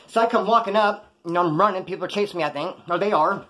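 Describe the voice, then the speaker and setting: Fast-talking profane ex-con storyteller. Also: male voice, sits high, a bit bright. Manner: profane, streetwise, rambling. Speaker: ex-convict storyteller. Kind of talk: casual crime storytelling.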